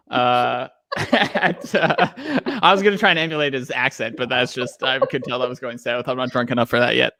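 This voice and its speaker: A man's voice: mid-range voice, steady tone, normal speed, vocal fry, bright, forceful tone. A man guest on a casual podcast, joking and giggling as he talks. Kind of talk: casual chat.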